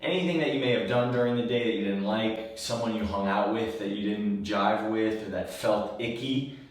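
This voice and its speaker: A man, a wellness coach, giving a relaxed, conversational how-to talk from his bathtub, rambling a little and repeating words as he goes. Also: fairly low pitch, normal speed, recorded from a distance. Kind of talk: casual instructional talk. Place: bathroom, in a bathtub. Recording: very echoey room, voice from off the mic.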